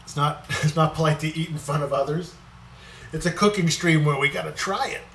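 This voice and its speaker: Man, fairly high voice, casual live-stream host chatting with viewers while cooking. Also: fairly quick, fairly bright tone, a little hiss or hum. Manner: chatty, greets viewers by name while eating.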